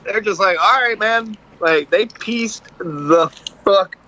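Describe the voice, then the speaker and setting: A man with a fairly high, bright voice tells a story as a podcast guest. He is animated and profane and acts out the people in the story. The audio is dull and lo-fi. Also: slow. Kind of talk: casual storytelling.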